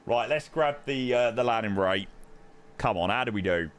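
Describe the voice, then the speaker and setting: A man's voice: mid-range voice, animated, normal speed, fairly bright tone. A young man hosting a flight simulator live stream, effusively thanking viewers by name in casual chat.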